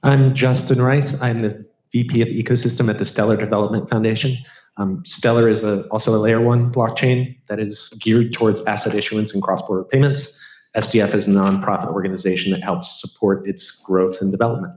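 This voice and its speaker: A man's voice: fairly low pitch, fairly even intonation, brisk, darkish tone. Man introducing himself in an echoey hall. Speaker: panelist. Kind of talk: panel self-introduction. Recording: echoey hall, dull sound.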